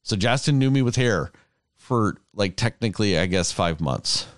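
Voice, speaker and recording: A man's voice: on the low side, lively intonation, moderate pace, no echo, clean studio sound. A man, rambling and swearing casually as a podcast host. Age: 30s. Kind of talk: casual chat.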